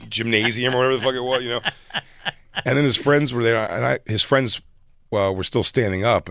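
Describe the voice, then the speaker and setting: A man telling a long, animated story from his stand-up comedy days in casual chat, acting out other people's lines as he goes. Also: mid-range voice, dry recording.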